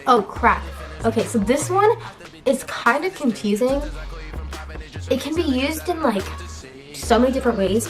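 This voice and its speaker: A young woman from the US, chatting casually in a vlog and explaining words with lots of fillers. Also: fairly high pitch. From United States. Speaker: vlogger.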